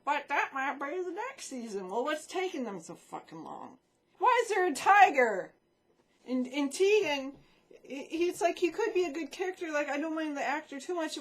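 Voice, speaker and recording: Talking into a desk mic, a woman with a high, expressive voice and normal speed rambles casually about the films and shows she watched. She swears freely throughout.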